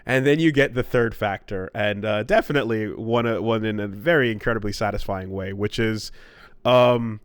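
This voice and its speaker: A man's voice: lowish voice, normal speed, clean tone, no room sound. A man ranting in casual podcast chat, telling a rambling, profane story. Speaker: podcast co-host.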